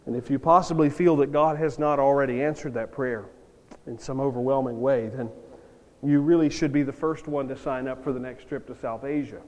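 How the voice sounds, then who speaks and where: A man's voice: medium pitch, fairly even intonation, a little fast, a little mellow. A jet-lagged pastor preaching a sermon to his church, earnest and swelling into emphatic bursts. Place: church sanctuary. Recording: long reverb of a church hall.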